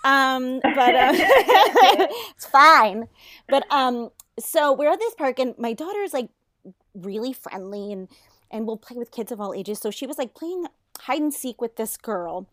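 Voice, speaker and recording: A woman in her thirties, co-hosting a podcast, telling a story in casual chat, animated, swearing freely and laughing often. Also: a little high, moderate pace, no room sound. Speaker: podcast co-host.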